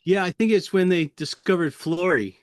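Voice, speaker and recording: A middle-aged man, a puppeteer guest, reminiscing in an interview with a friendly, chuckling manner and many pauses. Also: high voice, dry recording, clean studio sound. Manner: friendly, chuckling, halting with fillers.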